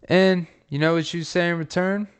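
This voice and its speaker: A man hosting a podcast who tells comic scenarios in a rambling, profane way, with pauses and "um"s. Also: sits high, fairly even intonation, smooth. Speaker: podcast host. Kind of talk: comic storytelling.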